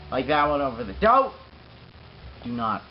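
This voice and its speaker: A man's voice: on the high side, lively intonation, a little slow, lo-fi sound, slight background noise. A man playing a boastful, crude pro scooter rider in a mock interview comedy sketch, rambling and bragging.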